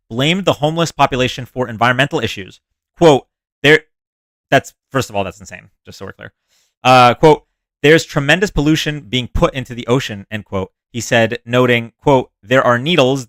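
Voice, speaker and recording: A sarcastic man reads political news on a live stream, breaking off to mock what he just read. His voice sits at an ordinary middle pitch and sounds dry and close, with no room echo. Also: fairly bright tone. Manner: sarcastic, reads quotes then mocks them. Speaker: livestream host reading news. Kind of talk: casual commentary reading news aloud.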